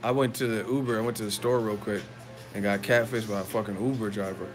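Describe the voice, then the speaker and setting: A man's voice: lowish voice, steady tone, fast, over music. A man hosting a boxing live chat from a hotel room, telling profane, joking stories. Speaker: boxing YouTuber host. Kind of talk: live-chat vlog storytelling.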